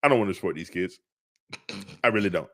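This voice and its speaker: A man co-hosting a podcast in casual chat, animated and joking, often stretching out stories. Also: deep voice. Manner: animated, joking, drawn-out storytelling. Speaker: podcast co-host.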